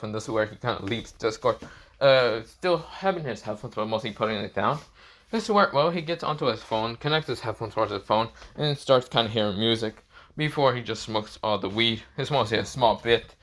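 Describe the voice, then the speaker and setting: Bright-voiced man rambling through a story. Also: on the low side. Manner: rambling, with frequent fillers and restarts. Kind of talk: casual improvised story narration.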